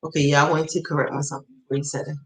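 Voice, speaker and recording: On a low-quality recording with slight background noise, a woman with a low voice talks very fast in a flat delivery. She hosts a tarot channel's casual livestream, telling stories bluntly with lots of swearing and laughter and acting out her own past remarks in quoted voices.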